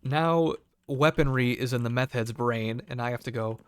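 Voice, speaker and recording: A man's voice: mid-range voice, moderate pace, clear, resonant tone, no room sound. A young American man telling a work story in a sarcastic, profane, casual way and acting out the people in it. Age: young adult. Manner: profane, sarcastic, acts out quoted voices. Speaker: cable technician storyteller.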